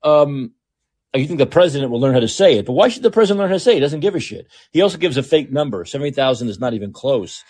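A man's voice: medium pitch, animated, fast talker, darkish tone, dry recording. A man hosting a podcast with opinionated political commentary, talking in a sarcastic, mocking, repetitive way. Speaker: podcast host.

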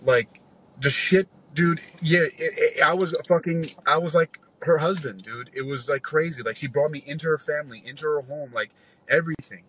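Bright-voiced man telling a rambling story. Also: a little high, normal speed, slightly rough, poor audio. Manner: rambling, profane, animated retelling with quoted dialogue. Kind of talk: casual storytelling.

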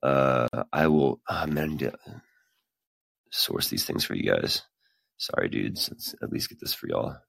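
A man's voice: very deep voice, lively intonation, unhurried, vocal fry, fairly bright tone, no echo. A man hosting a podcast, reading science news aloud and breaking off into casual, swearing, self-deprecating asides. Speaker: podcast host.

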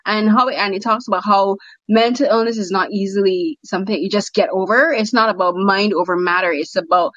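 A woman's voice: mid-range voice, brisk, no room sound, highs cut off. Enthusiastic woman hosting a chat podcast. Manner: animated, enthusiastic. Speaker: podcast host. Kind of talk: casual chat.

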